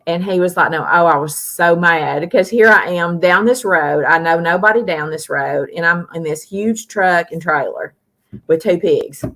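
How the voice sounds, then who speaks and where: A middle-aged woman hosts a casual live chat in a fairly low but bright, forward voice. She tells stories in a rambling, folksy way, full of little fillers. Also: moderate pace. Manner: rambling, folksy, lots of "uh" and "you know". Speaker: live stream host.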